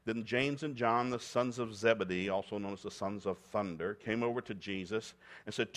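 A middle-aged man preaching a sermon, mixing scripture readings with joking asides and loud whoops of laughter. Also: fairly low pitch, normal speed.

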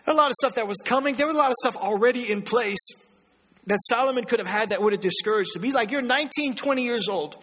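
A man in his thirties preaching a sermon, telling a lively family story and acting out the voices with frequent laughs. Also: very high voice, fast. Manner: animated storytelling, acts out voices, laughs often. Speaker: pastor.

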